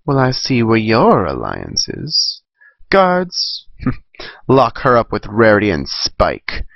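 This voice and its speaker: A man voicing a scheming female unicorn ruler, slow and darkly smug, in a fan story reading. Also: lowish voice, wildly swooping pitch, gravelly, no room sound, lo-fi sound, full character voice. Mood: cold.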